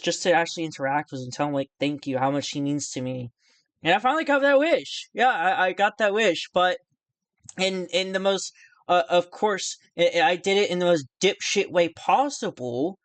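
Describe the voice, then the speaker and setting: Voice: medium pitch, a bit bright, dry recording. A YouTuber talking casually and nervously in a response video, stammering, restarting sentences and putting themself down, with the odd casual swear. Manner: nervous, stammering, self-deprecating, with frequent restarts. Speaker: YouTuber responding to another creator. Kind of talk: casual rambling video commentary.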